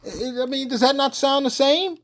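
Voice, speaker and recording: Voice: high-pitched, normal speed, a bit bright. A religious teacher giving an informal sermon in colloquial speech, emphatic and repetitive, firing off rhetorical questions and restarting phrases.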